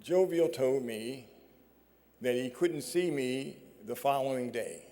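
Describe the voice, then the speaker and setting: Guy telling a story onstage real slow, lots of pauses, big hall reverb. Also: mid-range voice, dark tone. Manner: measured, with dramatic pauses. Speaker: speaker at an awards ceremony. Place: large performing arts hall. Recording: long reverb of a large hall.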